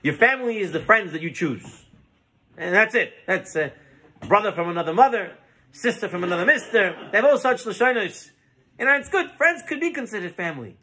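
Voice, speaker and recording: A man's voice: high voice, lively intonation, fairly quick, pushed and bright. A man giving a Torah lesson as a rabbi, telling stories and mixing Hebrew terms into his English.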